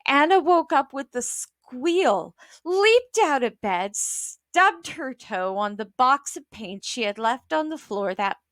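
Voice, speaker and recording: A woman reading a children's book aloud in a slow, careful way, stopping to explain words for young listeners. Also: sits high, sing-song, fairly bright tone, dry recording, studio quality.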